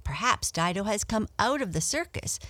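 A woman reading a storybook aloud and voicing a polite, homesick female black cat, raising her pitch. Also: sing-song, moderate pace, bright, forceful tone, dry recording. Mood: surprised.

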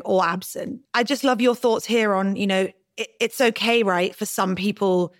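A woman's voice: fairly low pitch, no echo, clean studio sound. A woman co-hosting a podcast, thoughtful and joking by turns as she shares personal stories. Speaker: podcast co-host. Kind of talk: casual podcast chat.

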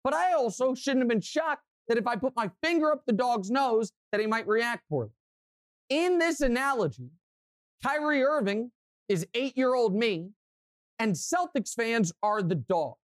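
A young man co-hosting a sports podcast, telling stories and giving strong opinions in an animated way. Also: extremely high pitch, normal speed, dry recording, studio quality. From Kansas City, US. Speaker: podcast co-host. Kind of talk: casual sports talk.

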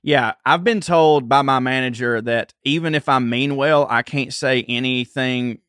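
A comedian from Georgia with a Southern accent, chatting on a podcast and telling rambling, self-deprecating stories. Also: male voice, medium pitch, measured pace, fairly bright tone, no room sound, clean studio sound. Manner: rambling storyteller, self-deprecating, laughs often. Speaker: comedian guest. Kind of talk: casual podcast chat.

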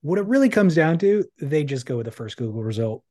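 Podcast co-host, man, wry and joking, mellow voice, dry room sound. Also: a little high, big pitch swings, fast, dry recording. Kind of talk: casual chat, reading listener mail.

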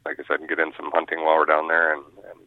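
A man's voice: rumbling low, monotone, fast talker, no room sound. A man, a fishing guide talking casually in a radio interview, rambling and repeating his words. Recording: muffled phone line.

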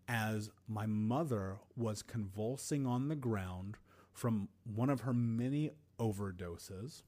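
A man hosting a podcast and telling a personal story in an earnest, emotional way, with deliberate pauses. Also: on the low side, darkish tone. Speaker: podcast host.

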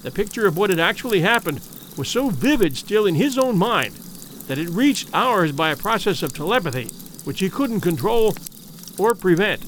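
A man narrating a story, his voice sitting high and ranging widely as he reads. His delivery is measured and vivid, leaning into the drama of each line. It is a classic storybook reading. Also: a bit bright, a little hiss or hum. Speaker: audiobook narrator.

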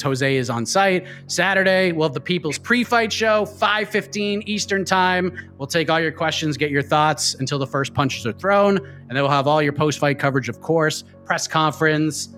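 Male host, bright voice, higher pitch, playful, faint music. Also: moderate pace, few pauses. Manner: energetic, playful, plugs upcoming shows. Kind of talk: casual show hosting.

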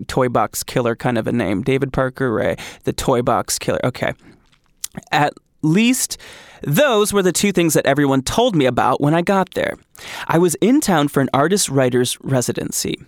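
A man hosting a podcast, chatting excitedly and joking while he reads out listener ghost stories. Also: mid-range voice, no echo, clean studio sound. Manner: excitable, gushing and jokey. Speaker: podcast host. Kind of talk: casual podcast chat and reading listener stories.

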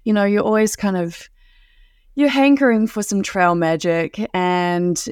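A woman's voice: mid-range voice, measured pace, darkish tone, clear, resonant tone, no echo, studio quality. A young woman with a New Zealand accent, a guest telling hiking stories in casual chat. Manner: chatty storyteller, laughs often.

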